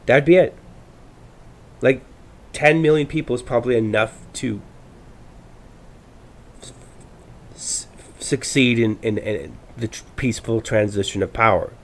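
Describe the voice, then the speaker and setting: Speaking at a normal pace with frequent pauses, a man from the United States uses his podcast for a rambling, profanity-laced political monologue, restarting often. His voice is mid-range.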